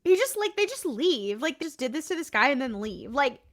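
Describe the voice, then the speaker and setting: A woman podcast co-host, chiming in with incredulous, animated reactions in casual chat. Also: high-pitched, fairly quick.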